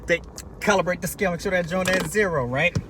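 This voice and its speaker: A man co-hosting a podcast in casual chat, telling stories in animated, profane slang. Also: high voice, quick pace. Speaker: podcast co-host. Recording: noisy background.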